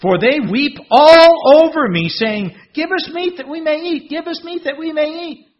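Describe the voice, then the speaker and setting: A man reading out an overwhelmed, distraught old male prophet with a husky voice, pleading and rising to near-wails. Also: extremely high pitch, moderate pace, pitched above the performer's own voice. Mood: anguished. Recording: dull lo-fi recording.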